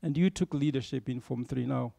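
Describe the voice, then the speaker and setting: A man's voice: medium pitch, a little fast, gravelly, dark tone. A middle-aged man giving a motivational storytelling talk to young leaders, often checking in with tag questions. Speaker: bank executive speaking to young leaders.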